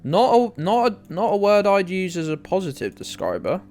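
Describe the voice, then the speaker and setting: A man's voice: high voice, very animated, normal speed, a little mellow. A young British man live-streaming a game, rambling and joking with viewers and swearing freely. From United Kingdom. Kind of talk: casual live-stream chat while playing. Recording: faint music in the background.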